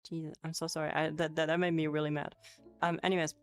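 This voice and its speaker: A woman's voice: low-pitched, flat delivery, fast talker, clear, resonant tone. A woman streaming a casual Japanese lesson on a headset, answering chat with giggles and swearing. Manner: giggly, swears, chatty and loose. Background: faint music playing.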